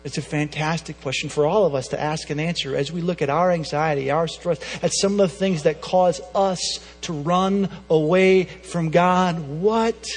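A man's voice: a little high, steady tone, moderate pace, few pauses. A man preaching a sermon as a pastor, earnest and full of repeated rhetorical questions. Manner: earnest, repeats rhetorical questions, speeds up when pressing a point. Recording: reverberant hall with soft music.

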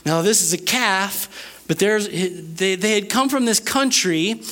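A man's voice: sits high, a little slow, pushed and bright. A man preaching a sermon, chatty and joking in asides to the congregation. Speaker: pastor.

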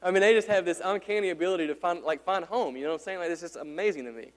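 A male pastor preaching a sermon in a church, talking conversationally and asking his congregation questions. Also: racing. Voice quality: deep. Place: church sanctuary. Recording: hall reverb with mains hum.

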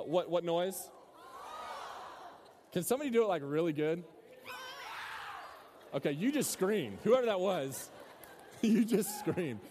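Young guy preaching to college kids, kinda high voice, jokey, lots of hall echo. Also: darkish tone, a little hiss or hum. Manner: casual, joking, quizzes the audience. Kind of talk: sermon to a student crowd. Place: large hall with a live audience. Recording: hall reverb.

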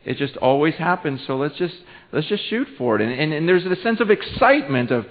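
A man preaching a sermon as pastor, animated and excitable, with stammered restarts. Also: a little high, brisk, hardly any pauses. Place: church sanctuary. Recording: phone-like sound with long hall reverb.

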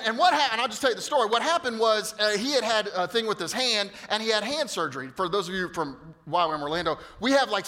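A male pastor telling a funny story in a sermon, animated and jokey, acting out the quotes. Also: high voice. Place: church auditorium.

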